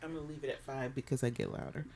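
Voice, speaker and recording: A middle-aged woman co-hosting a podcast, talking loud and blunt with plenty of swearing. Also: extremely low pitch, very animated, very fast, creaky. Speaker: podcast co-host. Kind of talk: casual chat.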